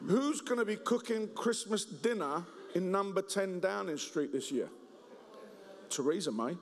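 A man preaching a humorous Christmas sermon, joking and telling stories in an animated way. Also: high voice, unhurried. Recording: reverberant hall.

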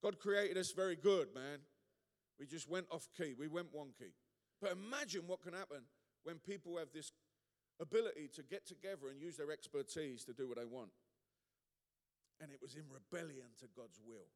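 A man with a high voice preaches a sermon, punching key words and building to loud peaks. He keeps turning to the congregation with asides and questions. His voice rings out with a long reverb in a large church hall. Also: moderate pace.

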